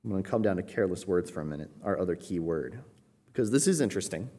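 A man who is a pastor, preaching a teaching sermon and explaining Greek words, often checking in with a quick "right?". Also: sits low, animated, warm tone. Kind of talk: expository sermon.

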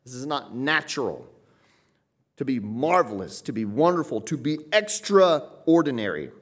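A man delivers an expository sermon on a Bible passage, emphatic and repetitive, repeating phrases and tagging points with "right?". His mid-range voice swings widely in pitch, and he speaks a little slowly.

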